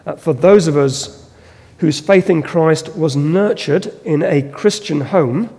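A man preaching a sermon, telling a story with slow, dramatic delivery. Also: fairly high pitch, warm tone. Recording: long reverb of a large hall.

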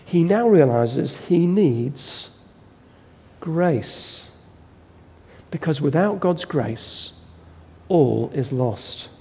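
A man preaches a sermon with a somewhat raised pitch, leaning into a story at a very slow, deliberate pace. His voice rings out through a large hall with long reverb. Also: animated, warm tone. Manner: slow, dramatic storytelling delivery.

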